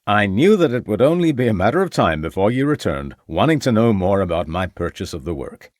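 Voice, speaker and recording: Man doing a slow-drawling, unflappable American doctor for an audiobook, deep voice, lively pitch. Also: no room sound, studio quality. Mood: assured. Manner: slow drawl, formal and assured.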